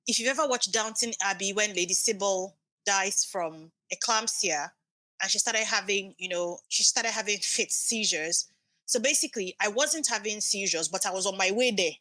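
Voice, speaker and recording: A woman's voice: mid-range voice, moderate pace, no room sound. A woman in her thirties, a podcast guest, telling an emotional birth story and acting out the dialogue. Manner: animated, acts out quoted dialogue.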